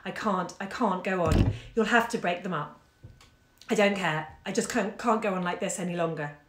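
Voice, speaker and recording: A woman reading aloud, voicing a grown woman who is a secret lover, crisp and carefully friendly on the phone. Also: on the low side, moderate pace, background noise, lightly acted. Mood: sobbing, desperate. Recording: roomy echo.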